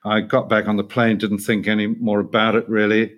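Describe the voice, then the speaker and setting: A man's voice: lowish voice, flat delivery, a little fast, muffled recording. An older male actor telling rambling, self-deprecating stories as an interview guest, laughing often. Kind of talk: casual interview anecdote.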